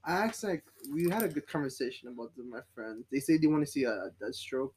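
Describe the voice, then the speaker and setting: A man's voice: mid-range voice, animated, quick pace, a little mellow, a little hiss or hum. A man chatting casually and rambling a bit, swearing now and then. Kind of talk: casual chat.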